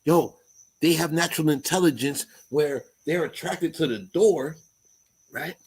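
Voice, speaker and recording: A man's voice: a little high, a little slow, slightly rough, low-quality recording. A man in his forties with a New York accent, talking in a loose, profane casual chat full of street slang.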